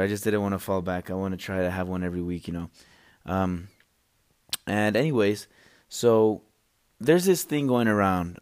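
A man's voice: lowish voice, darkish tone, clear, resonant tone. A young man hosting a solo podcast, rambling and joking with lots of fillers and restarts. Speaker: podcast host. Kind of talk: solo casual chat. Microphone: podcast microphone.

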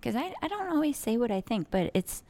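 A young woman co-hosting a casual chat, telling a chatty, animated story about a customer at her aromatherapy shop and acting out their exchange. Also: on the high side, a little fast. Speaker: podcast co-host, aromatherapy shop owner.

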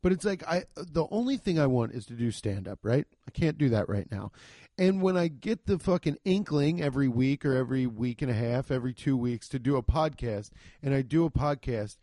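A man's voice: mid-range voice, animated, fairly quick, mellow, no room sound, clean studio sound. A man who is a stand-up comedian, hosting his own podcast in a rambling, profane, self-deprecating solo monologue. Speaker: podcast host.

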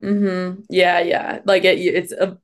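A woman's voice: on the low side, little pitch movement, takes it slowly. A woman hosting a podcast, chatting casually with a guest in a gushing way, with lots of filler words. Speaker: podcast host. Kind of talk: casual interview chat.

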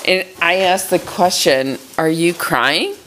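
A woman's voice: on the low side, takes it slowly, noisy background. A woman co-hosting a podcast in casual chat, laughing easily as she talks. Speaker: podcast co-host.

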